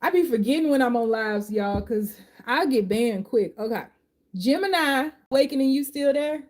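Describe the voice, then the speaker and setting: Woman doing a live tarot reading, kinda high voice, gets emotional and emphatic. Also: expressive, normal speed, darkish tone. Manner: emotional, emphatic, chatty with viewers. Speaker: tarot reader and life coach.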